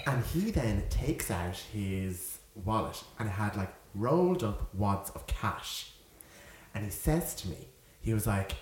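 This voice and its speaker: Low-voiced man telling a story. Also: unhurried. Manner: animated, laughing, acts out quotes. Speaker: podcast co-host. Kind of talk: casual storytelling chat. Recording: echoey room with faint noise.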